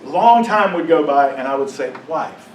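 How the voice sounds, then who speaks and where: High-voiced man giving an emotional testimony. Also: animated, a little hiss or hum. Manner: emotional storytelling, rising to impassioned outbursts; drops to a hushed, halting voice at painful moments. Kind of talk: personal testimony to a congregation. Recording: echoey room, mic at a distance.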